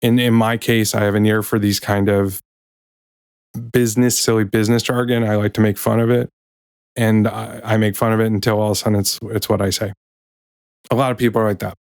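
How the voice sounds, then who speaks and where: A man's voice: on the low side, flat delivery, a little fast, darkish tone, no room sound, studio quality. A man hosting a podcast in a loose, self-correcting chat, wry about office jargon, and later reading from his own book. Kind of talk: casual reflective talk, then reading aloud.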